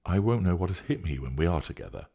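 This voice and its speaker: A man's voice: low-pitched, expressive, fast talker, gravelly, dark tone, husky, full character voice. A man reading a story, voicing a younger woman who brushes off worry on the phone. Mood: breezy.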